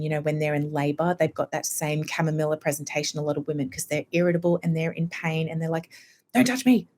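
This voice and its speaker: A low-pitched woman in her thirties chats on a podcast as a homeopath guest. She explains at length in a relaxed, conversational way, slipping into brief impressions of other people. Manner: chatty, explanatory, acts out quoted people. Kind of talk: casual podcast interview.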